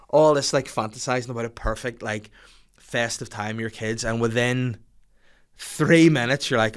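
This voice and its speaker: A man's voice: lowish voice, moderate pace. A man in his thirties with a Northern Irish accent, hosting a comedy podcast as a sweary, self-mocking storyteller. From Northern Ireland. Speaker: podcast host.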